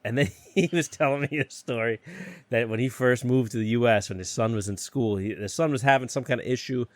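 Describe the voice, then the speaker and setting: A man's voice: medium pitch, a little fast, dry recording. A man hosting a casual podcast, a union electrician telling profane, laughing jobsite stories. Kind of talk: casual chat.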